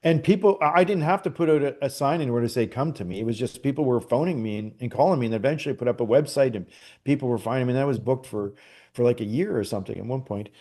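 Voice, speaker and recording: A man's voice: mid-range voice, fast, darkish tone. A middle-aged man, a guest on a podcast, telling a long personal story in a casual, rambling way with many fillers and restarts. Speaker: podcast guest, psychic medium.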